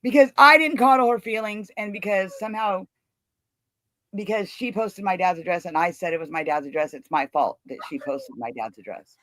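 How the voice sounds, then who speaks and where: A woman's voice: fairly low pitch, fairly even intonation, moderate pace, no echo. A woman hosting a livestream, talking bluntly and defensively, swearing often in heated casual chat. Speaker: livestream host.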